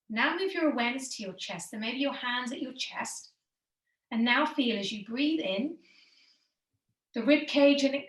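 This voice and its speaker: A woman leading a guided breathing and posture lesson in a slow, soothing, gently encouraging way. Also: on the high side, reverberant, poor audio.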